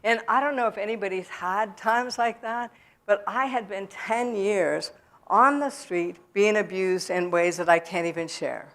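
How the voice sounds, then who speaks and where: A woman with a mid-range, slightly bright voice speaks a little slowly as she shares her recovery testimony in church. She's candid, often restarting sentences and using fillers.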